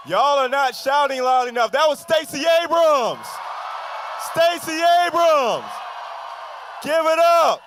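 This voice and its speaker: A man emceeing a rally, shouting slowly to hype the crowd. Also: extremely high pitch. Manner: shouted, slow and drawn out. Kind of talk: hyping a crowd between speakers. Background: faint crowd noise.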